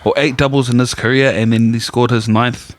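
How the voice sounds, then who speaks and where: A man's voice: mid-range voice, fairly even intonation, a little fast, no room sound. A man, co-hosting a podcast and telling a long rambling story in casual chat. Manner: rambling anecdotal storyteller, quotes people in his own voice. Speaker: podcast co-host.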